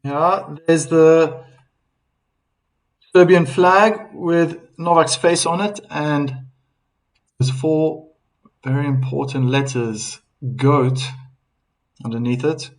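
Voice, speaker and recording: A man calling a tennis match live on a stream, chatty and relaxed, reading out viewer comments and laughing now and then. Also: a little high, takes it slowly, long pauses, low-quality recording. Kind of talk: casual live play-by-play commentary.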